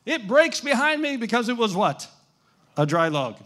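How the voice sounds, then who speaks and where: Guy preaching, high voice, tells his mission story all dramatic, keeps quizzing the crowd. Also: sing-song, normal speed, fairly bright tone. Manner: dramatic storyteller, asks audience questions. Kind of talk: animated sermon storytelling.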